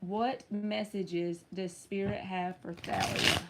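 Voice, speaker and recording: A woman's voice: medium pitch, fairly even intonation, slow, heavy background noise. A woman running a casual live-stream tarot reading, chatty and teasing as she talks to viewers by name.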